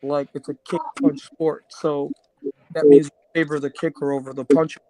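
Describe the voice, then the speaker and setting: A man's voice: fairly high pitch, little pitch movement, normal speed, dark tone, no room sound, poor audio. A man with a slightly raised voice stumbles over his words and turns playfully dramatic. The recording is close and dry. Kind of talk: casual podcast chat.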